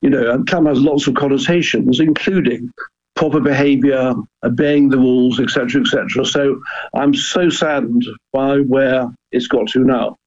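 Older man, halting and earnest. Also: medium pitch, fairly even intonation, lo-fi sound. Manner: earnest, halting with many restarts. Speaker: guest, former club chairman. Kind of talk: live radio interview.

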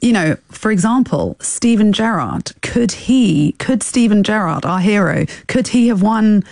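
A woman's voice: mid-range voice, animated, measured pace, creaky, a little mellow, no echo. A woman speaking as a studio guest on a radio panel, chatty and musing aloud with questions. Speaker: studio guest, football fan.

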